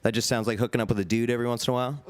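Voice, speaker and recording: Young man, dry deadpan stand-up. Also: medium pitch, rapid-fire. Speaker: stand-up comedian. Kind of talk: stand-up comedy set. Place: comedy club stage.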